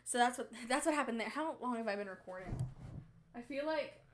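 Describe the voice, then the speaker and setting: A young woman of nineteen hosting a solo podcast from a small home studio. She rambles casually, full of likes and ums, in a fairly high voice. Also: lively intonation, a little fast, slight background noise. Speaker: podcast host.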